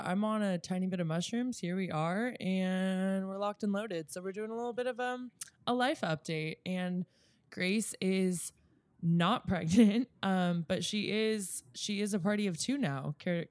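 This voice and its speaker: A woman's voice: medium pitch, unhurried, dry recording. A young woman co-hosting a podcast, chatting in a breezy, joking way. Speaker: podcast co-host. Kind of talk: casual chat.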